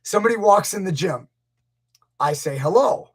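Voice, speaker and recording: A grappling coach who runs the channel tells rambling stories on a casual live stream, acting out people's words. His fairly high voice is creaky and a bit bright, and he takes his time.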